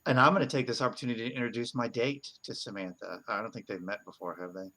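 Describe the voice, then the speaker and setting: A player speaking in character during a tabletop role-playing game, casual and quick to laugh. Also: mid-range voice, bright, forceful tone.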